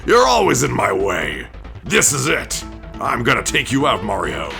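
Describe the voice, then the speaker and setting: A man voicing a boastful, brutish villain king, loud and blustering. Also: medium pitch, huge pitch swings, moderate pace, creaky. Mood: taunting. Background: game music.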